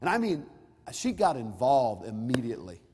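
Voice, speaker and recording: A man's voice: mid-range voice, big pitch swings, moderate pace, noisy background. A middle-aged male pastor preaching a sermon, mixing scripture with a personal story, emphatic and rising and falling in force. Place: church sanctuary. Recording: reverberant hall.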